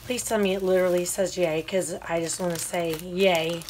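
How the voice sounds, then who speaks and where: A woman's voice: lowish voice, fairly even intonation, normal speed, darkish tone, slight background noise. A woman vlogger unboxing a craft mail swap, gushing with constant delighted exclamations and talking straight to the sender. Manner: talks to the sender directly.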